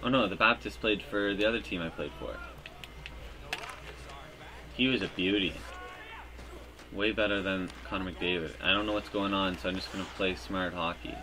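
A man giving live commentary over his own hockey video game, joking and breaking into loud cheers at big plays. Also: sits low, normal speed, long pauses. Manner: excitable, jokey, bursts into loud cheers. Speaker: gaming YouTuber.

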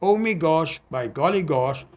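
Man reading his poems earnestly, slightly high voice. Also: lively intonation. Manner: earnest, measured recitation with hesitant asides. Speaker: poet. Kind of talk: poetry reading. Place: community TV studio.

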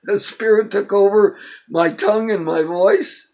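An older man teaches from the Bible in an emphatic, informal way. His voice sits high and carries a gravelly fry. He reads scripture and breaks off into quick side remarks at an unhurried pace. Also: darkish tone, rough recording.

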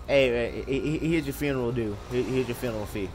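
A young man giving excitable, jokey commentary on a driving game, laughing and shouting often. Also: medium pitch, brisk, hardly any pauses, slight background noise. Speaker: gameplay commentator. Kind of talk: live let's-play commentary. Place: home room.

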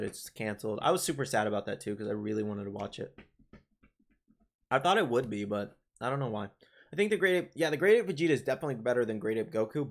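Young male streamer, mid-pitched, loose and talkative, voice tiring a bit. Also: vocal fry. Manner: rambling, chatty, many fillers and restarts. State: voice getting worn from talking. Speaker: livestream host. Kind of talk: casual live chat reading viewer comments.

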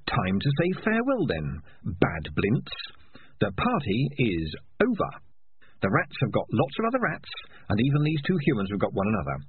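A man's voice: lowish voice, huge pitch swings, moderate pace, slightly rough, exaggerated voice. A man voicing a sardonic, self-serving talking tomcat with a wry, cocky manner. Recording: tinny lo-fi audiobook recording.

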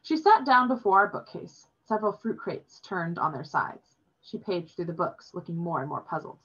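A woman's voice: lowish voice, animated, normal speed, fairly bright tone, slightly rough. Woman reading a novel aloud, lo-fi sound. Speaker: reader. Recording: dull lo-fi recording.

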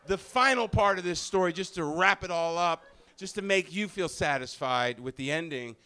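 A male comedian tells a personal story live on stage in a mid-range voice. He is animated and profane. He shifts from loud, punchy bursts to hushed, confessional stretches. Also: sits high, moderate pace, clear, resonant tone.

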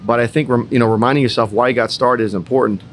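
A young man sharing a personal story at a business roundtable speaks fast, repeating himself for emphasis and swearing a little. His pitch is medium and his tone steady, with a little hiss or hum in the recording.

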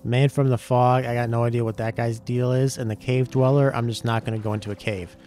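A man giving casual gameplay commentary, excitable and swearing a lot, yelping when startled. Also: mid-range voice, brisk. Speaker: gaming YouTuber.

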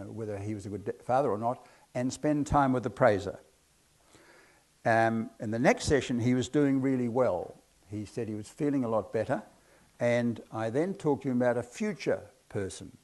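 A man's voice: medium pitch, a little mellow. Chatty self-deprecating male hypnotherapist. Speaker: hypnotherapist giving a talk. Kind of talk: anecdotal lecture to an audience. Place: event talk with an audience.

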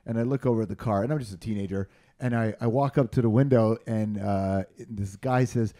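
A man's voice: mid-range voice, lively intonation, fairly quick, warm tone. A man from Canada, a podcast guest, telling anecdotes in a casual, reflective manner. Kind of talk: casual storytelling chat.

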